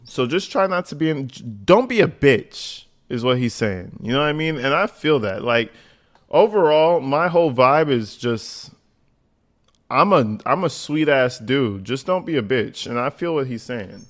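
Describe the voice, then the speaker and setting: A man's voice: mid-range voice, animated, a little slow. A young man live-streaming, reading out messages and commenting on them in a profane, sarcastic way. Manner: profane, sarcastic, heavy swearing.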